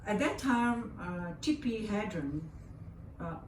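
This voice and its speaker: A woman's voice: medium pitch, expressive, takes it slowly. An older woman from Vietnam with a Vietnamese accent, speaking English as a second language as an interview guest, telling a personal story with feeling and often repeating her words. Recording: roomy and distant with faint background hiss.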